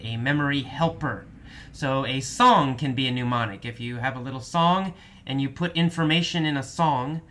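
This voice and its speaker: A man teaching English vocabulary, patiently explaining each word with slow, repeated restatements. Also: fairly high pitch, bright, forceful tone. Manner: patient, repeats definitions slowly with many restatements. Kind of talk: vocabulary lesson explaining words.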